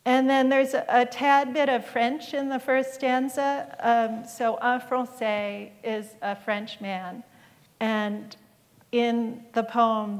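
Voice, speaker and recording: A middle-aged woman poet reading and introducing her poems in a wry, hesitant way, with frequent ums between lines. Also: fairly high pitch. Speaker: poet giving a talk. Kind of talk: poetry reading with commentary. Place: lecture hall. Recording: long hall reverb.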